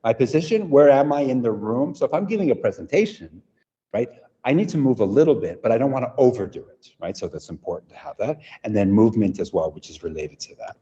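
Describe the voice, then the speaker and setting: A man running a live online workshop for teachers, energetic and demonstrative, often checking in with "right?". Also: medium pitch, fast, long reverb tail, lo-fi sound. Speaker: teacher trainer.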